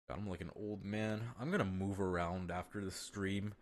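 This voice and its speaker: Male streamer, slightly low voice, casual rambling chat full of fillers, swearing and self-amused laughter. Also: expressive, normal speed, hardly any pauses. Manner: rambling and profane, with many fillers and restarts; laughs often at his own jokes.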